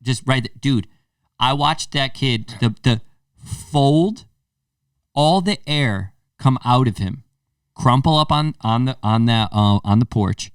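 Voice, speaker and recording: Slowly and in a clean, mid-range voice, a podcast host in his thirties spins a casual story, animatedly voicing the people he quotes. It's a dry, studio-quality recording captured from a distance.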